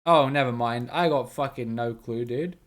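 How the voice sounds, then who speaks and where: A man's voice: medium pitch, moderate pace. A man hosting a casual live stream of a geography guessing game. He chats with viewers, reads their names out, laughs easily and swears now and then.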